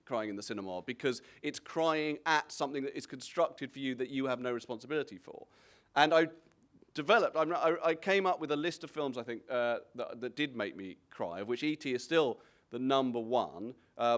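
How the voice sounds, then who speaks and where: A man, a comedian, telling anecdotes in a relaxed, reflective way, often restarting his sentences. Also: mid-range voice, fairly quick. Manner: rambling, self-interrupting, reflective. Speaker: guest comedian.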